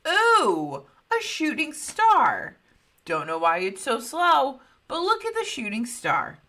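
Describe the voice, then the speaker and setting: A woman voicing an excited, insistent wife who is staring at a strange light in the night sky. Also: mid-range voice, measured pace, pitched above the performer's own voice, full character voice.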